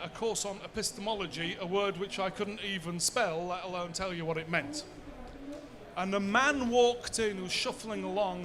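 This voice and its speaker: Guy in his late 50s, highish voice, chatty seminar talk, crowd murmuring behind. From Bradford, England. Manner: conversational, answers his own rhetorical questions. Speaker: seminar speaker. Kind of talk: conference talk and Q&A.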